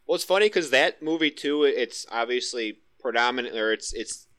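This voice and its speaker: A man's voice: mid-range voice, lively intonation, normal speed, fairly bright tone. A man hosting a casual podcast, rambling and laughing often, correcting himself as he goes. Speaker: podcast host. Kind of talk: casual chat.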